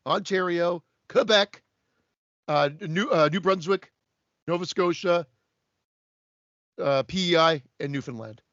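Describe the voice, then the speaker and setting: A Canadian man chatting casually as a podcast co-host, his voice a bit high for a man. He rambles and restarts his sentences often. The sound is dry and a little muffled. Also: unhurried, pauses often, a bit bright, no room sound. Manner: rambling, many restarts and stammers. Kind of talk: casual chat.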